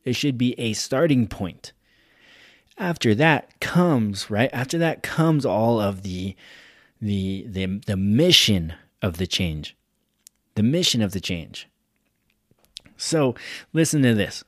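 A man's voice: lowish voice, slow pace, pauses often, no room sound, clean studio sound. A man hosting a motivational podcast, talking energetically and hyping up his listeners. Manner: energetic, hype, pumps up the listener. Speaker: podcast host.

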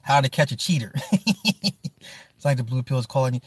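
A man hosting a livestream who chats casually with his viewers, animated and profane, laughing often and answering them by name. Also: mid-range voice, brisk, slightly rough, dry recording. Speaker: livestream host. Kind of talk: casual stream chat.

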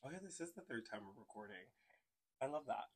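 A man's voice: medium pitch, sing-song, fast, breathy edge. A man co-hosting a casual podcast as interviewer, playful and joking with frequent laughter.

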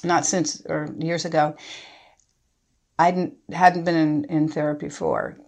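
A middle-aged woman speaking thoughtfully as an interview guest, halting and restarting as she reflects. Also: low voice, steady tone, a little mellow.

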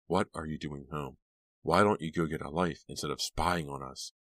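A man's voice: a bass voice, moderate pace, fairly bright tone, no room sound. A man voicing an exasperated teenage girl who snaps at her sister. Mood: snappish. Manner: snappish, exasperated. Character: snappy teenage girl, art student.

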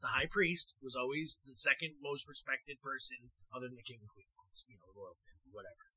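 A man talks in a casual, comedic chat, his voice husky and very bright. He swears freely and stumbles over repeated words when he gets excited. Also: medium pitch, quick pace, low-quality recording.

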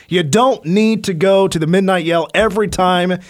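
A man's voice: sits high, normal speed. Joking, opinionated male sports host. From Kansas. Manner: joking, opinionated, counts down a list. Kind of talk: casual sports talk.

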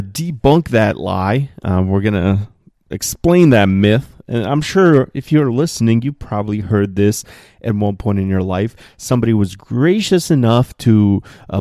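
Low-voiced man, podcasting from home. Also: no echo, studio quality. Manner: animated, gets worked up, many fillers. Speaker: podcast host. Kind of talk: solo podcast monologue. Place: spare room at home.

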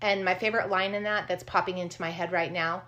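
A woman's voice: on the low side, fairly even intonation, quick pace, sharp tone, highs cut off. A woman co-hosting a true crime podcast, talking casually, blunt and indignant, and swearing freely. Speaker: podcast co-host.

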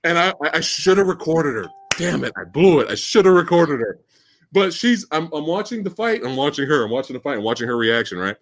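A man hosting a live-stream movie discussion who rants in an excitable, incredulous, profane way. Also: on the high side, a little fast. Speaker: host.

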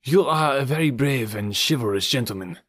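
A man voicing an excitable, frightened French nobleman in an audiobook, exclamatory and emotional. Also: mid-range voice, normal speed. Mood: grateful. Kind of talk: audiobook character reading.

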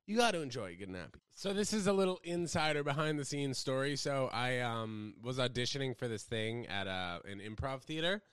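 A young American man chatting casually with his live viewers, rambling from topic to topic and swinging between loud bursts and low mumbles. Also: lively intonation, brisk, few pauses, smooth, dry recording, studio quality. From United States. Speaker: livestreamer. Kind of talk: casual rambling livestream chat.

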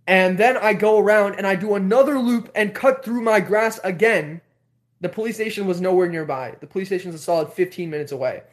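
A young man telling a story on a live stream, animated, swearing and repeating himself. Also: high voice. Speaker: host.

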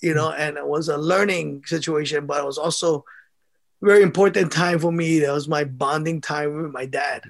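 A middle-aged man tells his stories in a casual interview. His voice sits high and carries a gravelly edge. He talks in an animated way, laughing often and acting out what others said. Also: normal speed. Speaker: former amateur boxer, guest.

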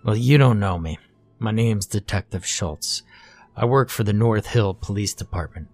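A man voicing a weary, wary detective who mumbles in a low, blunt way. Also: moderate pace, a little mellow, faint music behind. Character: weary, wary middle-aged male detective.

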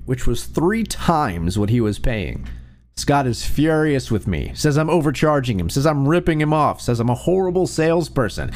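A man narrating an online revenge story in a scripted, expressive storytelling read. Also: medium pitch. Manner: lively, expressive storytelling reading.

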